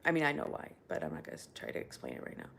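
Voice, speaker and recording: A woman talking through her feelings in a casual solo check-in, candid and rambling, swearing freely and sometimes dropping to a hushed voice. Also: rumbling low, wildly swooping pitch, racing, vocal fry, slight background noise. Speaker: video diarist.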